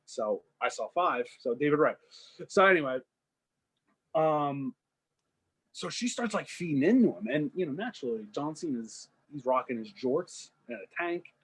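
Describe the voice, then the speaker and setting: Rambling young man with a husky voice. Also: on the high side, animated, a bit bright. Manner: rambling, acts out characters in quick asides. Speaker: podcast co-host. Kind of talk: casual storytelling chat.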